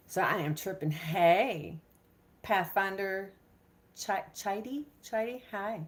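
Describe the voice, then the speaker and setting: A woman's voice: medium pitch, takes it slowly. A middle-aged woman, hosting a casual live stream from her kitchen, chatty and talking herself through her nerves. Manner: nervous, chatty, talks herself through worry. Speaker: homestead vlogger, live stream host. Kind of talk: casual live chat with viewers. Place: home kitchen.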